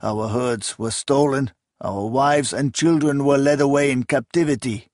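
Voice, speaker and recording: A man's voice: mid-range voice, measured pace, a little mellow, no echo, studio quality, voice pushed up, close to an everyday voice. A man voicing a fierce, arrogant barbarian chieftain who speaks bluntly with a thick foreign accent. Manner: blunt, terse.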